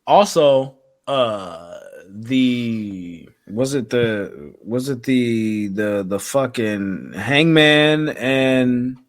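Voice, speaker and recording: A man's voice: medium pitch, very slow. A man co-hosting a podcast, laid-back and easygoing in casual wrestling chat. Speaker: podcast co-host.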